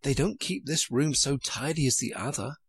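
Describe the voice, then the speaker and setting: A man voicing a curious, polite young girl in a storybook reading, gentle and chatty, often hushed. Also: medium pitch, normal speed, breathy edge, no echo, natural voice.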